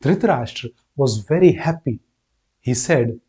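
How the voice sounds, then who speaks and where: A man's voice: medium pitch, expressive, a little slow, mellow, husky. A man hosting a storytelling channel and narrating an epic tale in a friendly scripted way. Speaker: storyteller host.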